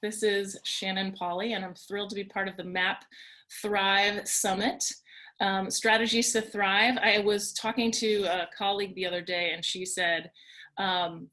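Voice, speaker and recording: A woman leads an online workshop from home, speaking through a computer mic on a video call. Her voice sits at an ordinary middle pitch for a woman. She tells stories in an upbeat, conversational way. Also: fairly even intonation, normal speed, bright, forceful tone. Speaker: workshop presenter. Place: home in Washington, D.C.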